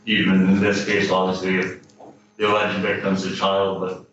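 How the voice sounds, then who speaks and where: A man acting as defense attorney, objecting in a hesitant way with stumbling restarts. His voice is very low and flat. He sounds distant from the mic, with a heavy echo and muffled tone. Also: normal speed, background noise. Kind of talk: courtroom objection. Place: courtroom.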